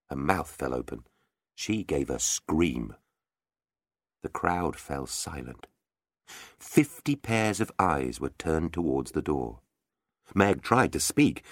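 Deep-voiced man narrating a storybook. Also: dry recording. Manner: expressive, playful storytelling. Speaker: audiobook narrator.

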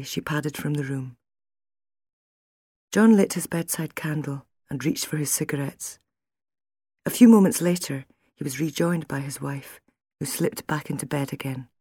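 A woman reads a novel aloud in a measured, expressive way. Her voice is husky and a little breathy, at a middle pitch. The recording is dry and close, with no room sound. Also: no echo. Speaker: audiobook narrator. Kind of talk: audiobook reading.

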